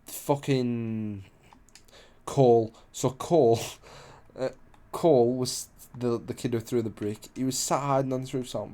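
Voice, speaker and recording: A man's voice: medium pitch, fairly even intonation, unhurried, warm tone. A young man casually telling a story, rambling, swearing a lot and losing his place.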